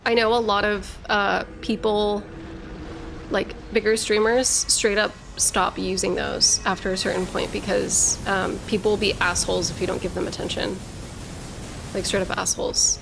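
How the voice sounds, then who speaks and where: A woman's voice: medium pitch, little pitch movement, moderate pace, creaky, background noise. A woman streamer chatting casually with her viewers. She rambles with lots of fillers and restarts, swears freely, and struggles a little to get her words out. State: struggling to articulate, slurring slightly. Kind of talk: casual live-stream chat, reading viewer messages.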